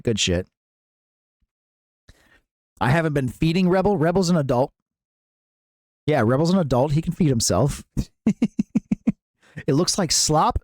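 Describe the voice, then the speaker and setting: A man's voice: mid-range voice, no echo, clean studio sound. A man hosting a live stream, chatting casually with viewers in a playful, jokey way and often laughing.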